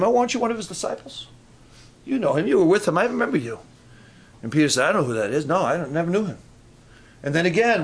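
A man preaching a conversational sermon with humorous asides and frequent restarts, rising into fervent emphasis. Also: high-pitched.

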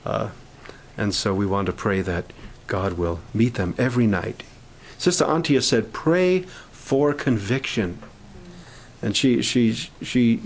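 A man leading a camp prayer meeting, speaking in an informal, halting sermon style with restarts and growing fervor. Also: fairly low pitch, vocal fry, poor audio.

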